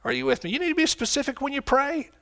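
A man preaching a sermon, swinging from quiet, low lines to loud, shouted ones. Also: quick pace, creaky. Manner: impassioned, rising to shouts and dropping low.

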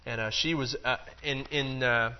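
A man's voice: mid-range voice, steady tone, normal speed, lo-fi sound. A man teaching a Bible lesson in a loose, conversational way, acting out the quotes and dropping in plenty of fillers. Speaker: preacher.

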